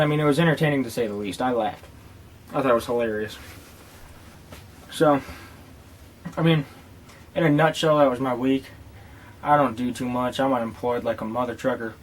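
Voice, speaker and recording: A man's voice: mid-range voice, slight background noise. A man rambling through a casual vlog story and product review, swearing freely and joking as he goes. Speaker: tobacco dip reviewer.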